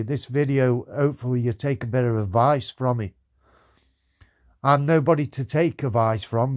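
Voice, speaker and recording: A man's voice: medium pitch, a little mellow. A man with an everyday mid-range voice lectures another streamer earnestly. He pleads and repeats himself, tacking "mate" onto almost every line. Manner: pleading, says "mate" again and again. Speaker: livestream commentator.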